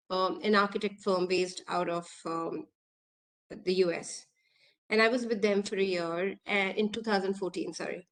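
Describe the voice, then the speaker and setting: A woman, an executive coach giving an online workshop talk, earnest and full of questions to her listeners. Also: medium pitch.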